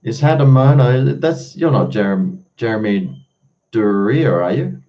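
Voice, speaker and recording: A man's voice: mid-range voice, expressive, unhurried, highs cut off. An Australian man live-streaming, chatting casually with viewers and answering their comments in a blunt, freely swearing way.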